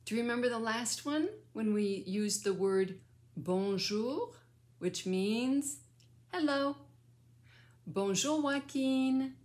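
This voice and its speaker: An older woman, a grandmother, giving a patient sing-song French lesson to a child and repeating each phrase slowly. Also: on the high side, animated, darkish tone.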